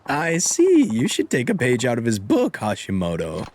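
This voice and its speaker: A man's voice: medium pitch, huge pitch swings, normal speed, a little mellow, a little hiss or hum. Man doing a pompous old city official. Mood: stately.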